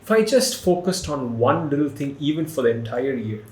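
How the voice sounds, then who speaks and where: A man hosting a podcast in casual chat, animated and quick to laugh. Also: medium pitch, roomy sound. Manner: animated, laughs often, puts on mock voices. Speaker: podcast host.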